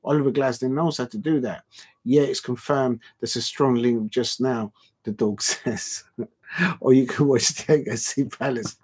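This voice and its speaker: A man's voice: medium pitch, measured pace, breathy edge. A man hosting a live football watch-along, bantering with his viewers, rambling with lots of fillers and restarts, and his voice jumps up whenever he protests. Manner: animated football banter, voice jumping up when protesting. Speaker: livestream watch-along host. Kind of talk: casual livestream chat reading out viewer comments.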